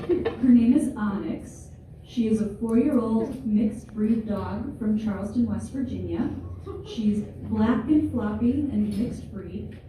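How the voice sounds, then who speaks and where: A woman in her twenties doing a stand-up comedy set in front of a live audience, wry and self-deprecating, with playful asides. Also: mid-range voice. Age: 20s. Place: large room with a live audience. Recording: very echoey hall, distant, noisy.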